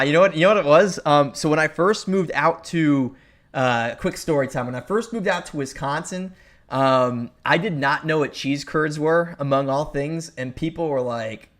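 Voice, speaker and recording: A young American man hosting a live weather stream, talking in a loose, chatty way with many fillers as he calls out towns. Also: fairly high pitch. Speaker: meteorologist livestream host.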